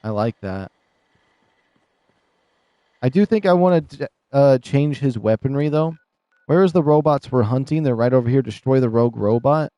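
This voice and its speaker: A man's voice: mid-range voice, normal speed, long pauses, mellow, no room sound, highs cut off. A man streaming a video game live, chatting casually and rambling, often laughing, on a desk microphone. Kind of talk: casual live gameplay commentary.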